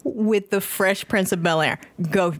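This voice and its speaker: A woman chatting casually on a podcast, animated and laughing, acting out quotes. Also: medium pitch, a little slow, no room sound. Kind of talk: casual chat.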